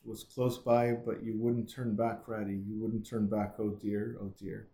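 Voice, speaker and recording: A man's voice: fairly low pitch, level tone, measured pace, mellow, echoey room, close to an everyday voice. A man reading aloud as a homesick male mole, speaking in broken, tearful pleas. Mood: sobbing.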